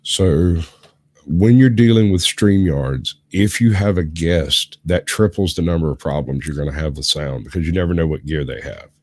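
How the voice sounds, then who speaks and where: A sick man with a hoarse, gravelly voice, rambling and explaining in a casual chat as host of a live stream. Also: very deep voice, moderate pace, darkish tone, no room sound. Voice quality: rough, gravelly. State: hoarse from illness.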